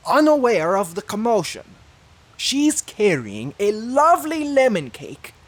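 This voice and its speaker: A woman reads a children's storybook aloud with playful, animated expression. Her voice is slightly husky, and she reads at an unhurried pace with wide swings in pitch. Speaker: storybook reader. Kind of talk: expressive read-aloud narration.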